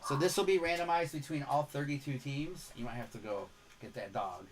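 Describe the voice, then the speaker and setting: A man's voice: mid-range voice, fairly quick, slight background noise. A middle-aged man from Michigan with a Michigan accent, hosting a live card-break stream in upbeat, chatty patter, rattling off player names. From Michigan, USA.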